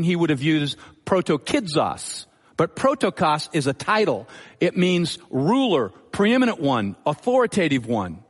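A man's voice: a little high, slightly rough, big-room sound. A man preaching an expository sermon as pastor, teaching earnestly and quoting scripture. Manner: earnest teaching delivery, Bible quotations.

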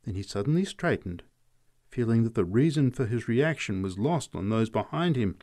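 A man narrating short stories aloud in an expressive reading voice. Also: medium pitch, normal speed. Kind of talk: story reading.

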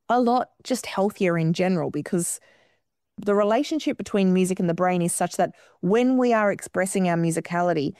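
A woman guest in an interview, explaining her ideas in long, flowing, expressive sentences. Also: lowish voice, dry recording, clean studio sound. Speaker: guest musician. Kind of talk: radio interview.

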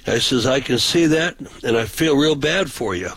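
A man's voice: mid-range voice, lively intonation, normal speed, fairly bright tone, breathy edge, dry recording, low-quality recording. A man, a pastor, telling folksy, rambling anecdotes in casual talk-show style.

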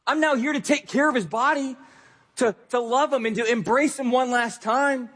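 A grieving young woman stands at a tomb, voice pushed high and pleading in anguished bursts, as a male preacher puts her on. Her tone carries a husky edge. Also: normal speed, fairly bright tone, big-room sound.

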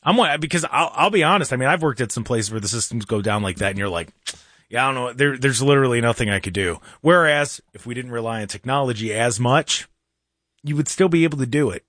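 A man's voice: medium pitch, expressive, fast, a bit bright, no echo, clean studio sound. A man hosting a casual talk show, chatting in a rambling way with many restarts and fillers. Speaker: show host. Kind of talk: casual live-stream show chat.

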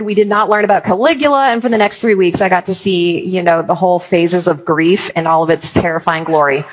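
A woman with a husky, slightly breathy voice gives a conversational faith talk on parenting. She tells funny stories and acts out her own quoted lines with lively emphasis. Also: mid-range voice, low-quality recording. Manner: humorous storytelling. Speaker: speaker on Christian parenting.

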